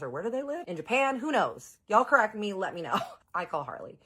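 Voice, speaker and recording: A woman telling a story casually to her audience, animated and chatty, jumping into exaggerated quoted voices. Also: sits low, brisk.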